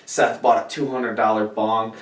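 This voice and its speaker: A man's voice: on the low side, normal speed. A man telling a rambling story on a podcast with lots of swearing, recorded in a roomy space away from the mic. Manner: rambling, heavy swearing, animated when retelling. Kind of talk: casual storytelling chat. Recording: roomy sound, distant from mic.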